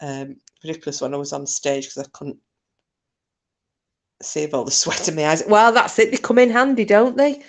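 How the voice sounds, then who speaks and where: A woman's voice: sits low, normal speed, no echo. Woman, middle-aged, rambling funny anecdotes, dry close mic. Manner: chatty, animated anecdotes with laughs and asides to viewers. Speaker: livestream host. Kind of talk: casual storytelling chat.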